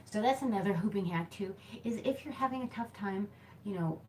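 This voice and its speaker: Speaking at a medium pitch, brisk and mellow, a hoop fitness instructor casually walks viewers through hula hoop exercises in a small temporary office space by a back door. She's chatty, giggly and self-deprecating, with many fillers. The low-quality recording has a little hiss or hum, and the camera mic moves around as she hoops.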